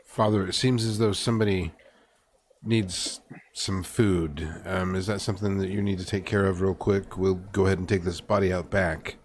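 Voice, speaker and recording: A man's voice: sits low, steady tone, normal speed, a little hiss or hum. A man playing a tabletop game with a dry, sardonic manner. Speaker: player. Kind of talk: in-character tabletop role-play.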